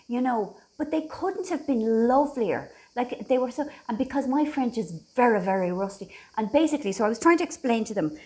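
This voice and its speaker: A woman's voice: a little high, expressive, brisk, hardly any pauses, warm tone. A middle-aged Irish woman chatting casually to her phone camera from a holiday house, rambling and self-deprecating. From Ireland. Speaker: vlogger.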